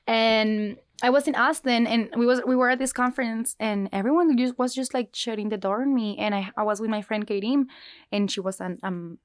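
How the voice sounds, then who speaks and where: Animated young woman, fairly high voice. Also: a little fast, no echo, clean studio sound. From Mexico. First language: Spanish. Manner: animated storyteller, frequent restarts. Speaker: guest. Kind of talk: casual interview chat.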